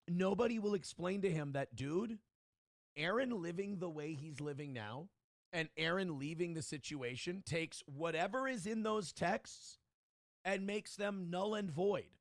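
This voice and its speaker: A man's voice: a little high, dry recording, studio quality. A man hosting a livestream, talking casually and rambling, who often restarts his sentences and mimics other people mockingly. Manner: rambling, with frequent restarts and mocking quoted voices. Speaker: livestream host.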